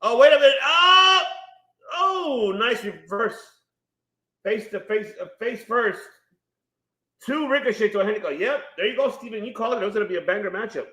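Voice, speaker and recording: A man hosting a live wrestling watch-along stream, calling the action excitedly and bursting into loud reactions while greeting chat viewers. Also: sits high, moderate pace. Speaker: watch-party stream host. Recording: roomy echo.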